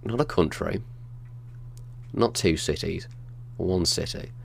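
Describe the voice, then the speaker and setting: Young man, gravelly voice, blunt, sweary, teasing co-host. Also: sits low, slow, slight background noise. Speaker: podcast co-host. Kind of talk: casual chat.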